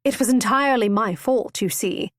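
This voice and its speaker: A woman's voice: a little high, moderate pace, no echo, clean studio sound, lightly acted. A woman voicing an impulsive, witty young noblewoman who tells her tale eagerly and theatrically. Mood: lively. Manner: bright, eager, storytelling.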